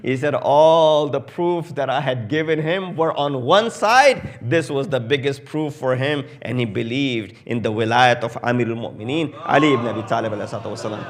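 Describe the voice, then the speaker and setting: A man preaching a sermon in English with a South Asian accent, telling a story with acted quotes that swell loud at the peaks. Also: medium pitch, normal speed, hardly any pauses. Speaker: Shia preacher. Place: mosque hall.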